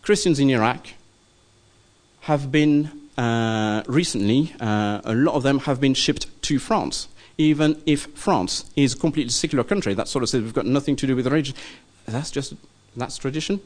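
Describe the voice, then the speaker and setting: A man leads a Bible study class at a middle pitch, talking loosely and off the cuff. He hesitates often, filling gaps with ums and a questioning "okay?" as he explains the text to his listeners. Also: expressive, normal speed. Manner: hesitant, many ums and checking okays. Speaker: teacher of a church study group. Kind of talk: informal classroom lecture.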